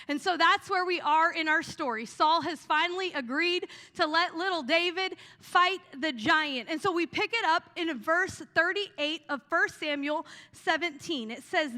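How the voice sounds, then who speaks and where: A woman pastor preaching a sermon, telling the story with lively energy and saying "y'all" to the congregation. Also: extremely high pitch, measured pace, few pauses, long reverb tail. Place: church hall.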